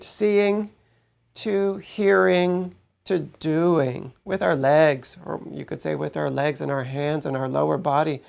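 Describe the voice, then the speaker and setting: Slow, gravelly-voiced man teaching scripture. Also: a little high. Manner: explanatory, measured, asks "right?" to listeners. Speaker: teacher of a Messianic congregation. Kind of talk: Bible teaching.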